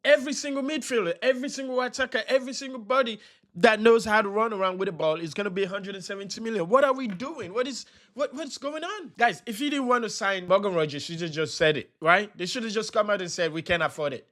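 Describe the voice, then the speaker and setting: Agitated high-voiced young man ranting. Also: quick pace, a bit bright. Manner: agitated, repeating himself, rhetorical questions. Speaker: football channel host. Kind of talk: upset fan reaction vlog.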